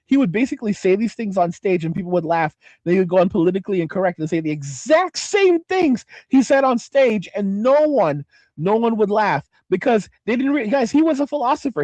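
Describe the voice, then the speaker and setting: Dude ranting on his stream, cussing a lot, kinda high voice, dry close mic. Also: no room sound. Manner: profane, excitable, trails off and restarts. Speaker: livestream host reading chat. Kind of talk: casual rambling livestream talk.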